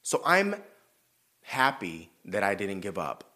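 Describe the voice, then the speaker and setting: A man's voice: fairly low pitch, very animated, slow, bright, forceful tone. A man hosting a podcast, giving blunt, profane advice in a sassy, emphatic way and turning earnest when he talks about himself. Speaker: podcast host. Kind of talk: casual advice chat.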